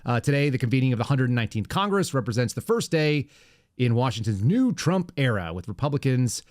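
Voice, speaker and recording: A man's voice: mid-range voice, sing-song, darkish tone, no echo. Male podcast host with a mid-range voice who talks casually, rambling and mocking, recorded close and dry. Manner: sarcastic, rambling, quick asides. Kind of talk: casual political podcast chat.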